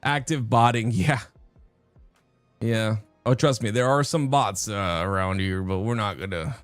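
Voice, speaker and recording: A man with a lowish, clear and resonant voice talks unhurriedly, with no room sound. He's live-streaming a game and rambling casually with viewers, often interrupting himself, while faint music plays.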